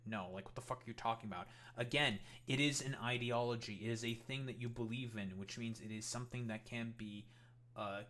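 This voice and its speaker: A man's voice: mid-range voice, fairly bright tone. A man hosting a political commentary stream, ranting heatedly and swearing constantly. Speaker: streamer host.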